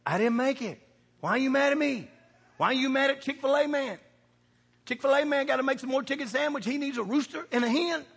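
A man preaching a sermon, folksy and conversational, swinging from quiet asides to shouted points. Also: very high-pitched, fairly quick. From American farm country. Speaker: pastor. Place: church sanctuary. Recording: reverberant hall.

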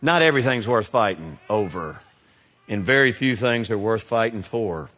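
A middle-aged man, preaching a sermon that swings between loud exhortation and hushed asides. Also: on the low side, animated, moderate pace, big-room sound. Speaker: pastor.

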